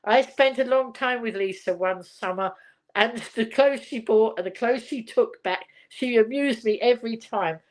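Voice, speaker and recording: A woman's voice: a little high, moderate pace. An older woman from England hosting a casual live chat at home, rambling cheerfully, laughing often and reading viewer comments aloud. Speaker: livestream host.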